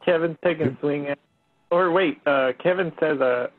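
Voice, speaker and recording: A man's voice: a little high, moderate pace, dry recording. A man playing a tabletop game, hesitant and fumbling for words. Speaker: player. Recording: tinny phone-like line.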